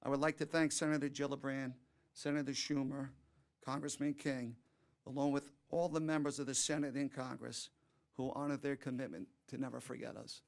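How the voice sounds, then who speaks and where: Heartfelt first responder with a gravelly voice. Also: male voice, mid-range voice, flat delivery, a little fast. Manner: solemn, heartfelt. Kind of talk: prepared remarks at a press conference.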